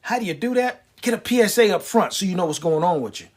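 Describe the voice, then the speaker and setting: A man delivering a wisecracking, animated stand-up comedy monologue. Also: high voice, fast talker. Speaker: comedian and prostate cancer survivor.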